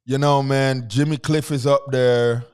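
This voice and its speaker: A man with a Jamaican accent chats as a guest on a talk show. His voice sits at a middle pitch, and he tells his stories in an animated way and laughs easily. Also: measured pace, smooth. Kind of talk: casual chat.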